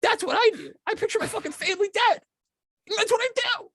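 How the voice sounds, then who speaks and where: A man doing an impression of a brash, loud-mouthed male hustler pundit, ranting and cursing. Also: lively intonation, a little fast, no echo, studio quality, exaggerated voice. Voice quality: high creaky yelling delivery, cursing freely.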